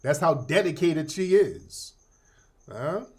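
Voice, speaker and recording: A man's voice: on the high side, lively intonation, takes it slowly. A middle-aged man hosting a casual livestream commentary, profane and joking, laughing often. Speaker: host.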